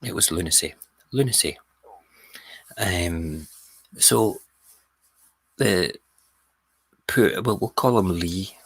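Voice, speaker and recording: A man hosting a radio show, telling a story in a casual, animated way. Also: low voice, takes it slowly, long pauses, husky, dry recording. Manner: animated storyteller, mimics people. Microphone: close studio mic.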